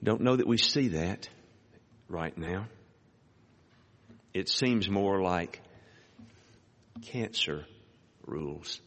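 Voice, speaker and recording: Pastor guy preaching slow, kinda low voice, lots of hall echo, jumps up high on the big words. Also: lively intonation, a bit bright. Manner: reads scripture aloud, rising high on emphatic words. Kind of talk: sermon. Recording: hall reverb.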